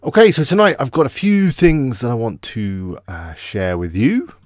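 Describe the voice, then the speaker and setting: English male streamer, mid pitch, dry close sound, casual chatty delivery. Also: very animated, normal speed, no room sound. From England. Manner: chatty, greets viewers by name. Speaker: live stream host. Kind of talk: casual live stream chat.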